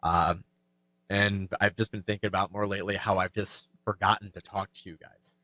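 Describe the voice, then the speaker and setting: A longtime YouTuber, a man, speaking in a reflective, halting way with many fillers and restarts as he gets emotional. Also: low voice, flat delivery, bright, forceful tone, no echo. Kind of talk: reflective personal talk.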